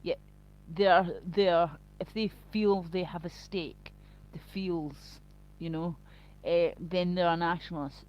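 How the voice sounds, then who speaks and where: A woman's voice: on the low side, steady tone, slow pace, a little mellow. A woman chatting live to her stream viewers in a rambling, crude and profane way. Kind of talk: casual live-stream chat. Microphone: cheap built-in mic. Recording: dull lo-fi home stream audio.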